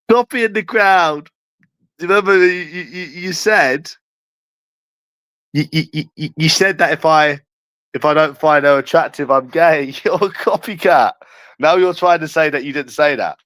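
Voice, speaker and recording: A young man with a London accent rants on a live stream, taunting and mocking someone with repetitive jeers. His voice is a little high with a fairly bright tone, and there is no echo.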